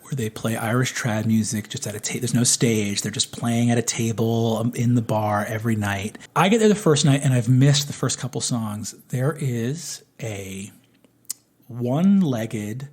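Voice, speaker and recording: A man from the United States telling stories in casual chat, animated, acting out the people he quotes. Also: normal speed. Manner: animated, acts out quotes with big pitch jumps. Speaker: storyteller in interviews. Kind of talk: casual anecdotal storytelling.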